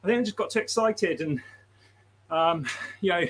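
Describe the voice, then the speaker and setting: A man's voice: high-pitched, expressive, moderate pace, a bit bright, slightly rough. A man hosting a livestream, chatting casually, laughing often and reading out viewer messages. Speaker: livestream host.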